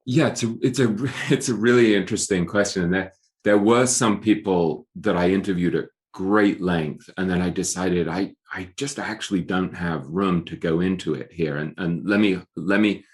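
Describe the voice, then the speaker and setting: Guy, middle-aged, really low voice, thinks out loud in an interview, lots of little restarts. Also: moderate pace. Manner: thoughtful, repeats words while searching for phrasing. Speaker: author guest. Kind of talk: conversational interview.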